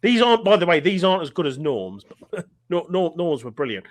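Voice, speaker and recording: Middle-aged English man, podcast co-host, high animated voice, giggly storyteller. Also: brisk. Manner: laughs often while telling stories. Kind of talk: casual pub chat.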